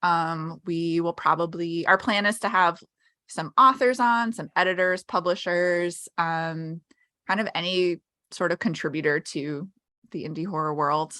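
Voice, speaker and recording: A woman's voice: lowish voice, a little slow, sharp tone, dry recording. A woman co-hosting a podcast in casual chat, upbeat and chatty with frequent ums. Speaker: podcast co-host.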